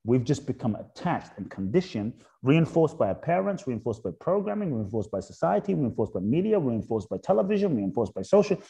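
Mellow-voiced man, lively reflective questioning. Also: medium pitch, vocal fry. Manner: poses repeated rhetorical questions; drops soft and slow on key points. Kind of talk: reflective spiritual conversation.

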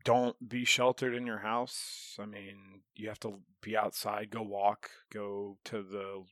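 A man's voice: on the low side, slow, no echo, clean studio sound. A man in casual podcast chat, telling stories with lots of swearing and laughter. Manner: animated storyteller, swears a lot, laughs often.

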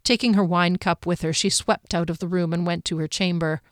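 A woman reading a fantasy novel aloud in measured scripted narration, lightly voicing the characters. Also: fairly low pitch, steady tone, no echo, clean studio sound. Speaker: audiobook narrator.

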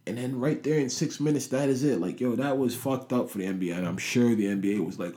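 A man giving a casual, animated monologue about basketball, swearing often and saying "you know what I mean" a lot. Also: medium pitch, quick pace, few pauses. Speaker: sports commentator. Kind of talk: casual sports talk monologue.

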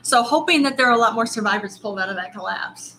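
A woman's voice: a little high, expressive, fast, pushed and bright, a little hiss or hum, poor audio. A woman co-hosting a casual podcast, recapping news in a rambling, self-correcting way. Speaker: podcast co-host. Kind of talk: casual chat.

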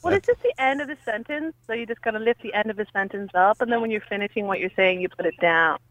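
A woman's voice: medium pitch, quick pace, a bit bright, dry recording, low-quality recording. An Irish woman calling into a radio show, chatty and telling stories. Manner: chatty, storytelling. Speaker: caller. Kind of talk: phone-in chat.

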